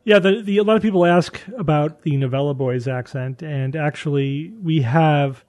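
A man's voice: a little high, normal speed, a little mellow, dry recording. Man with a Danbury Connecticut accent. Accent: Danbury, Connecticut with some Brooklyn-Queens. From southwestern Connecticut. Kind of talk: casual podcast chat.

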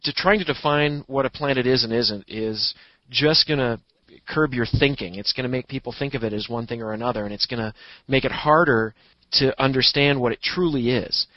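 On a podcast, an astronomer guest explains things conversationally with a taste for puns. His medium-pitched voice is brisk, and the dull lo-fi recording has no room sound.

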